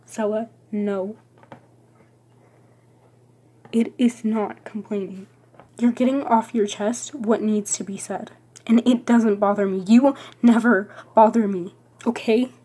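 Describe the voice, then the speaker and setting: A woman voicing a caring young woman who gently and insistently reassures her best friend, with a husky voice. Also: medium pitch, steady tone, unhurried. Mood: pleading.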